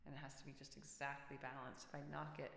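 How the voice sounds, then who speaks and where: A woman's voice: very deep voice, flat delivery, fast talker, vocal fry, a bit bright, reverberant, in a large hall. A woman hosting a music livestream, chatting casually and reacting aloud to viewers' messages.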